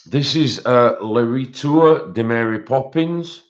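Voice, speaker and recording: Speaking slowly in a medium-pitched voice, this man runs a colouring channel's live stream, chatting loosely and saying hello to viewers by name. The sound is dull lo-fi stream audio.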